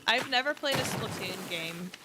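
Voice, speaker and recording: A woman's voice: mid-range voice, lively intonation, moderate pace, over loud music. A woman streaming a game, chatting casually with her viewers in a rambling, self-deprecating way. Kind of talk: casual livestream chat while playing.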